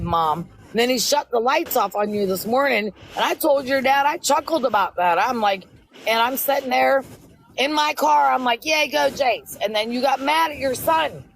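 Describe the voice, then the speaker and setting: Middle-aged woman, high voice, scolding nonstop on a live stream, keeps repeating herself. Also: creaky, slight background noise, poor audio. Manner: insistent, repetitive, scolding. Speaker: livestream guest confronting host. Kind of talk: heated livestream confrontation.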